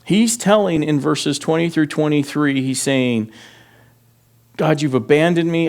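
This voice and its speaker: A man's voice: on the high side, measured pace, a little mellow. A pastor teaching through scripture in a sermon, reading passages aloud and rising in intensity as he voices the text's laments. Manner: reads scripture aloud with rising intensity, speaks plainly to the congregation. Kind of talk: expository sermon.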